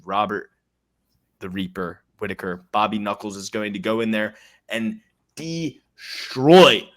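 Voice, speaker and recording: Brash, bright-voiced male podcast host. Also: fairly low pitch. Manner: brash, profane, emphatic. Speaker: podcast co-host making fight picks. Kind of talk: casual podcast chat.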